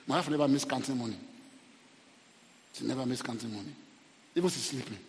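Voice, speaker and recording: A middle-aged Nigerian man preaching a humorous, animated sermon, often repeating his words. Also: mid-range voice, brisk. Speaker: pastor. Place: church hall. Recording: long church reverb.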